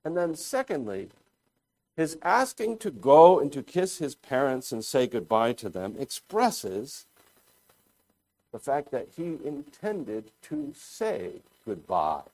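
A man preaching a sermon, deliberate and thoughtful, often pausing and restarting his phrases as he explains scripture. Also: mid-range voice, very animated, darkish tone. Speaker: pastor.

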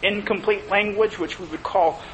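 Preacher, male, very high tone, sharp and forceful, rhetorical questions, echoey church hall. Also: steady tone, moderate pace. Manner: emphatic, asks rhetorical questions. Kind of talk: sermon. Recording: long hall reverb, faint noise.

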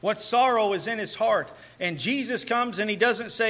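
Guy preaching, bright ringing voice, a bit high, earnest. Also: moderate pace, few pauses. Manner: earnest, rising to emphatic and tender passages. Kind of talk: sermon.

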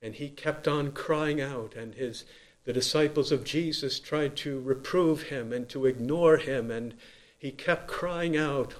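A man preaching a sermon in an earnest voice, swinging from loud emphatic lines to quiet low ones. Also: unhurried.

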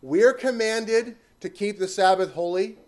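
Man with a fairly high voice, Bible teacher, emphatic, drives points home with repetition. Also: unhurried, a little mellow. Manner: emphatic, with rhetorical questions and repetition. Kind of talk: catechism teaching.

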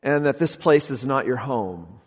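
A man preaching a sermon, emphatic, moving between loud exclamations and quiet, intense asides. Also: mid-range voice, expressive, unhurried, slightly rough, in a large hall.

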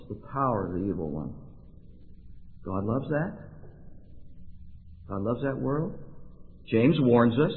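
A man from Oregon preaching a sermon in slow, deliberate phrases with emphatic pauses. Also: on the low side. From Oregon, USA. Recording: tinny, lo-fi sound with long hall reverb.

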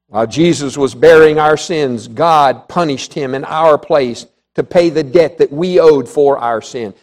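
A man preaching in church, his voice a touch higher than most men's. He delivers the sermon emphatically, climbing to loud declarations and then falling to soft, hushed lines. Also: unhurried. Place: church before a congregation.

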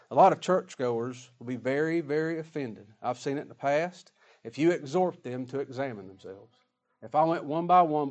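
A man preaching a sermon emphatically, swinging between loud declarations and hushed asides. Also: medium pitch.

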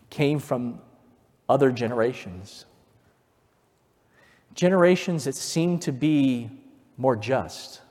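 A male pastor preaching a sermon, telling stories and building from quiet to fervent emphasis. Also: medium pitch. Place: church sanctuary. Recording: long reverb of a church hall.

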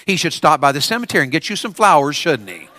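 A pastor man preaches to teenagers in a high, bright voice. He swings his pitch all over, repeats lines and calls for answers from the crowd, and the sound is close and dry. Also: big pitch swings, quick pace, no room sound. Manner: preaching with call-and-response and repetition. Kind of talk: sermon to teenagers.

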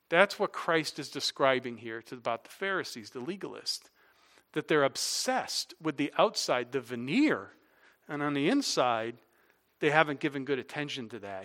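A man's voice: fairly high pitch, fairly bright tone. A male pastor preaching a sermon, telling everyday stories, repeating his main point with emphasis, and closing in prayer. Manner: illustrative storytelling and emphatic repetition, closing in prayer.

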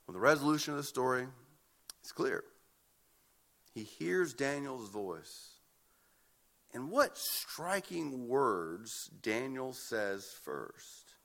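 Bright-voiced preacher man, emphatic. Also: mid-range voice, expressive, a little slow. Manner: emphatic, repeats words when building a point. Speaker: pastor. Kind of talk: expository sermon.

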